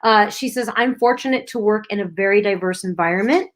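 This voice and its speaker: A woman's voice: medium pitch, a little fast. A middle-aged woman co-hosting a casual livestream, reading viewer comments aloud and chatting with lots of fillers. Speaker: livestream co-host.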